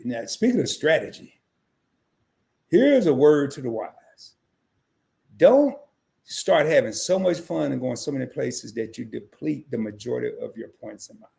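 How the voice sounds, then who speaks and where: A man's voice: fairly high pitch, gravelly. A man hosting a casual travel livestream, chatting with viewers and acting out little dialogues. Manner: animated, acts out quoted dialogue; greets chat viewers by name. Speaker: livestream host.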